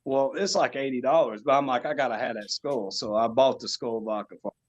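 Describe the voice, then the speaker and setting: A man's voice: medium pitch, steady tone, a little fast, muffled recording. A man, a podcast guest telling a story in casual slang, laughing as he goes.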